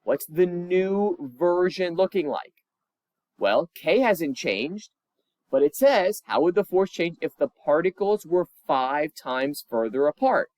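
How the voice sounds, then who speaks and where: Lively male physics teacher, dry sound. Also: a little high, slow, no echo. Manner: lively, chatty and encouraging, with asides. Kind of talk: recorded homework walkthrough.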